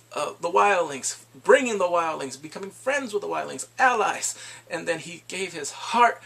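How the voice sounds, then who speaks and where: A man casually reviewing a TV episode, retelling scenes excitedly and laughing often. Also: on the high side, creaky, breathy edge.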